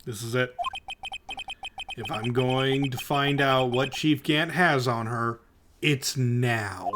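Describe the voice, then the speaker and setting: A man's voice: medium pitch, slow, noisy background, pitched below the performer's own voice, close to an everyday voice. A man voicing an earnest young defense attorney. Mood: determined.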